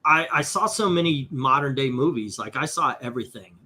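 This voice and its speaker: A man's voice: medium pitch, expressive, brisk, bright, forceful tone, breathy edge. A man hosting a comics channel in casual chat, rambling with lots of fillers and frequent swearing.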